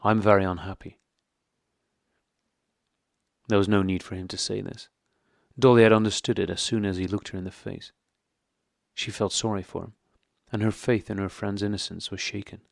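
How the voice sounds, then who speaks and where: Low-voiced male audiobook narrator. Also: fairly even intonation, a little fast, gravelly, dry recording, clean studio sound. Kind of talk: scripted narration of a classic novel.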